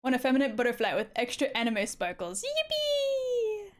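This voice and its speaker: A woman's voice: a little high, moderate pace, a bit bright. A woman streaming as she draws, chatting casually with her viewers, reacting to their messages and laughing often. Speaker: art streamer. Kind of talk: casual live-stream chat.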